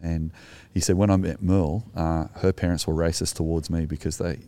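Low-voiced earnest Australian man. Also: level tone, brisk, mellow. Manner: earnest, reflective. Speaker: co-host, Anglican minister. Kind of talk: conversational storytelling.

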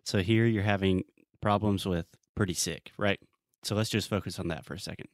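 Young male English teacher, very low voice, dry close sound, playful coach. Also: steady tone, fairly quick, no room sound. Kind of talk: casual pronunciation lesson.

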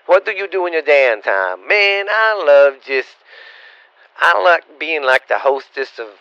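A man's voice: a little high, animated, a little slow, clean tone, no room sound. A middle-aged man answers viewer questions in a rambling, stammering, blunt and profane way. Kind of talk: casual rambling Q&A. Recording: dull lo-fi recording.

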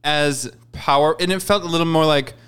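Man, podcast co-host, casual chat, wry quips, smooth resonant voice, a bit high. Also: moderate pace, fairly bright tone.

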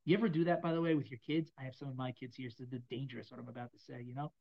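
Man, Torah class teacher, brisk delivery, repeats himself, muffled lo-fi recording. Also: medium pitch, steady tone, gravelly. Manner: conversational, repeats phrases, many fillers and restarts.

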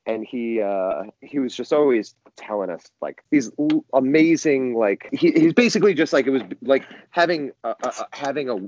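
A man telling a long story as a podcast guest, rambling and animated, with many restarts and fillers. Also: mid-range voice, normal speed, muffled recording. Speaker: musician guest.

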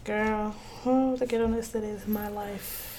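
A woman co-hosting a podcast, telling a work story in animated casual chat, swearing and acting out quotes. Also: medium pitch, unhurried, a crowd in the background. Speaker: podcast co-host.

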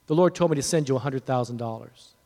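A man preaching a sermon, building from quiet storytelling to fervent, near-shouted declarations. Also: medium pitch, fast talker. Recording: long hall reverb.

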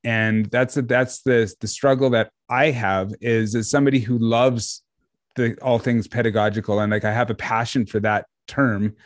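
A man co-hosting a podcast on trades teaching, talking in a relaxed, chatty way and laughing easily. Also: medium pitch, normal speed, dry recording, studio quality. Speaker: podcast co-host, trades education developer. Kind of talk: casual conversational podcast chat.

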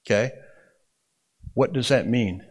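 A man's voice: mid-range voice, slow pace, darkish tone, slightly rough. A man teaching a Bible interpretation class, explaining in a folksy way and often checking in with the room. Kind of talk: classroom lecture.

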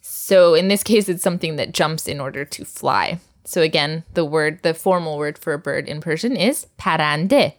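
A woman's voice: deep voice, normal speed, few pauses. A woman teaching a recorded language lesson, patiently drilling words and laughing often.

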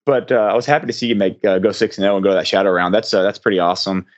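A man's voice: lowish voice, steady tone, rapid-fire, lo-fi sound. A man hosting a podcast, chatty and jokey as he tells a story about a betting pool. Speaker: podcast host. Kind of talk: casual podcast chat.

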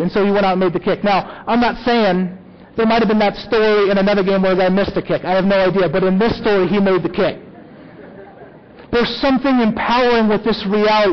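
A man's voice: high voice, fairly even intonation, a little fast, dull audio. A man preaching a sermon as a pastor, talking conversationally and often checking in with "okay?".

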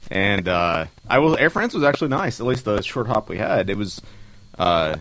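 Man, podcast co-host, low bright voice, lively swinging intonation, joking. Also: poor audio. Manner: joking, quick to riff. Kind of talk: casual chat.

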